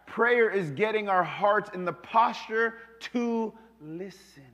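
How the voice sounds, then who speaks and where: A man delivers a sermon with a high-pitched voice, swinging from loud, emphatic calls to hushed, confiding asides. The sound carries the long reverb of a large hall. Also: slow. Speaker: pastor.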